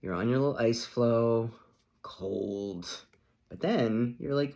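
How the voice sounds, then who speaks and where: A man's voice: mid-range voice, sing-song, slow, gravelly, pauses often, dark tone. A man giving a casual tarot reading in a playful, chatty way, acting out little reactions as he goes. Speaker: tarot reader.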